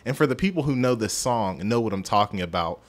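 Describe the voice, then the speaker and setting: A man's voice: on the low side, animated, fast. A man hosting a podcast, chatting casually through a music review in a rambling, self-deprecating way and stumbling over his words. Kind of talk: casual solo review chat.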